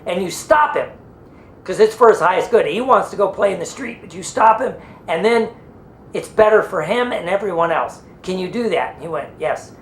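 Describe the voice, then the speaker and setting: A man teaching hypnosis techniques in a loose, rambling way, often slipping into the voices of the people in his story. His voice carries a roomy echo. A faint low rumble sits underneath the recording. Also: lively intonation, moderate pace. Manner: rambling, acts out what people said. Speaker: hypnosis and NLP trainer. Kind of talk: conversational teaching through a story.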